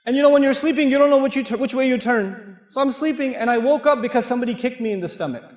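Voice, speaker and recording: Animated man preaching in an echoey hall. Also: very high voice, rapid-fire. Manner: animated, swings between loud and hushed, laughs often; acts out dialogue in his stories. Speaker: Islamic speaker. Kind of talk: lively sermon lecture.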